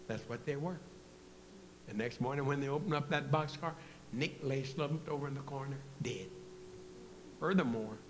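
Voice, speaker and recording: Older man telling lively stories. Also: slight background noise. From California. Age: 60s or older. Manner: animated storytelling, acts out dialogue with big pitch swings. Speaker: guest health speaker at church. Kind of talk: storytelling health sermon.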